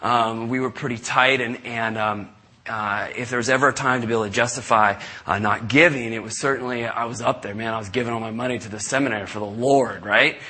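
A middle-aged man preaching, telling a story with lively asides and acting out the people in it. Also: medium pitch, fairly quick, breathy edge. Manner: animated, acts out callers in raised voices. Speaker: pastor. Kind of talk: sermon storytelling. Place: church service.

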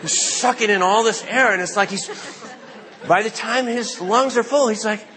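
A man's voice: high voice, normal speed, a loud crowd, heavy background noise. A man preaching a sermon as pastor, telling stories in a conversational way and acting out the quotes he tells. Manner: conversational storytelling with acted-out quotes. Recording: long reverb of a large hall.

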